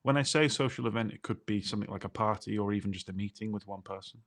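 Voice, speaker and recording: Male co-host, lowish voice, talkative explainer. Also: fast. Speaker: podcast co-host. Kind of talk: explanatory podcast chat.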